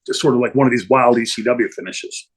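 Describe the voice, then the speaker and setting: Middle-aged male interview guest, husky and rambling, mid-pitched storyteller. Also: fast talker, rough recording. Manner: rambling, many fillers and restarts. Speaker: interview guest, former wrestler.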